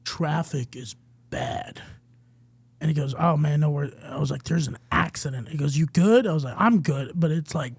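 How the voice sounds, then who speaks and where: A man's voice: on the high side, quick pace, vocal fry, few pauses, slightly rough, no echo. A young man co-hosting a podcast, telling stories with lots of swearing and acted-out quotes. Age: young adult. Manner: animated storyteller, swears freely, acts out quoted voices. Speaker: podcast co-host. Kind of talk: casual storytelling chat.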